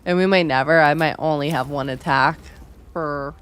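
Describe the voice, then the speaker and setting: A woman's voice: low voice, normal speed, slight background noise. A woman hosting a game stream, chatting casually and talking through her plans. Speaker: streamer host. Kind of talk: casual gameplay commentary.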